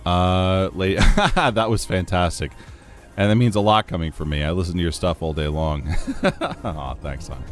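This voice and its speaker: A man's voice: low-pitched, normal speed, soft background music. A man streaming a game, chatting casually with his chat, laughing easily as he plays.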